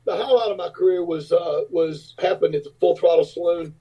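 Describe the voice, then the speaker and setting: A man's voice: a little high, a little fast, mellow, slightly rough, recorded from a distance. A man in his fifties, a rock singer and businessman, telling rambling anecdotes with lots of fillers as a podcast guest. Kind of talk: casual storytelling. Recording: dull lo-fi audio.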